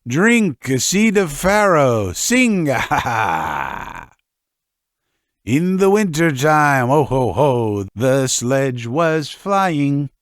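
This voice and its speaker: A man's voice: mid-range voice, expressive, slow, dry recording, studio quality. A man doing a tipsy, bitter rich manufacturer. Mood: rowdy. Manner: tipsy rambling with chuckles and stammered repeats. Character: drunk, bitter rich male manufacturer, distrustful.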